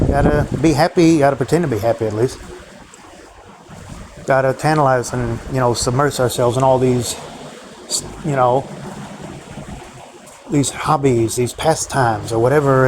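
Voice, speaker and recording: A man rambles bitterly to his viewers, swearing often and repeating himself. His voice sits at an ordinary middle pitch. A clear hum of background noise runs under him. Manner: profane, bitter ranting, repetitive. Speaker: vlogger. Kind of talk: rambling solo monologue.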